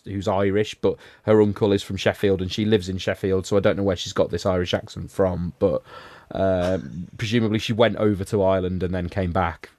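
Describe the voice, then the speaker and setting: A man's voice: on the low side, darkish tone, no room sound, clean studio sound. A man hosting a podcast, giving a sardonic, rambling recap of a film in casual chat. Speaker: podcast host reviewing a film.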